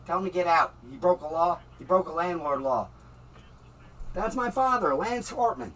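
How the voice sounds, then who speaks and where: A man's voice: high-pitched, expressive, brisk, a bit bright, distant mic, poor audio. A man in a heated, swearing rant about his landlord, recorded in his bedroom. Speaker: tenant in a dispute. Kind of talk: angry rant to camera. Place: bedroom at home.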